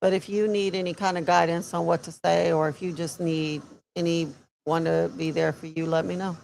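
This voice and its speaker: Woman, low voice with vocal fry, casual stream co-host. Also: level tone, moderate pace, a little mellow, a little hiss or hum. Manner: casual, chatty, answers chat comments. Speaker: co-host of a wrestling watch-along. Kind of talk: casual live-stream chat.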